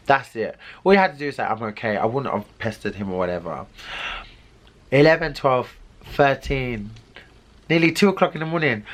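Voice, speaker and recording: Young male vlogger, mid-pitch, lively storyteller who acts out the dialogue. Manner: animated, dramatic retelling with quoted dialogue. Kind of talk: storytime vlog.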